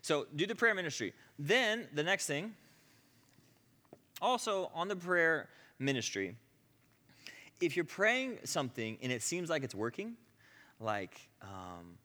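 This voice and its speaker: A man's voice: a little high, very animated, a little slow, pushed and bright, big-room sound. A man teaching a class on healing prayer in a conversational way, with frequent asides and "okay?" checks. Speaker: ministry teacher.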